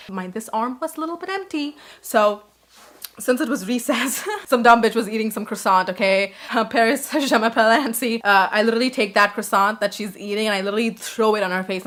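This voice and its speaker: A woman's voice: mid-range voice, pushed and bright. A young woman in her twenties telling a casual storytime, chatty and blunt, with lots of "like" and swearing.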